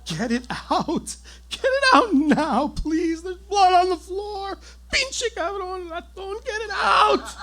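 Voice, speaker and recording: A man voicing his hysterical, screaming Latina wife in a live stage story, shrill and frantic. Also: animated, takes it slowly, pushed and bright, heavily acted. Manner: shrieking, frantic, pleading.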